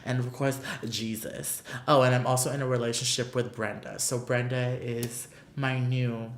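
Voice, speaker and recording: A man's voice: mid-range voice, little pitch movement, moderate pace, slight background noise. Man, from Florida, beauty vlogger, gushing, emotional, lots of "like", roomy echo. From Orlando, Florida, US. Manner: gushing, emotional, many "like" fillers. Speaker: beauty YouTuber. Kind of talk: casual vlog Q&A. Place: room with paper backdrop, seated in chair.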